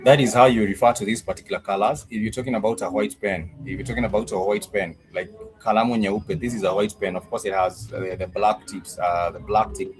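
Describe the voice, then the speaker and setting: Patient low-voiced man teaching words. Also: rough recording. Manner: patient, repeats each phrase slowly. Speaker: language teacher. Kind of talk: online language lesson. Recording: steady background noise.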